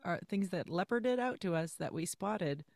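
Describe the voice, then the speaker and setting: A woman's voice: on the low side, expressive, moderate pace, creaky, darkish tone, dry recording, studio quality. A woman co-hosting a podcast, chatting casually and playfully with frequent laughs. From Canada. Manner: chatty, playful, laughs often, many fillers. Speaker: podcast co-host.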